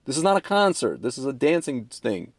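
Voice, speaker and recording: A man in his thirties rambles through a casual chat, laughing and slipping into quoted voices. His voice sits in a middle pitch and sounds dry and close, with no room around it. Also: big pitch swings, a little fast, no room sound. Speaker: podcast co-host.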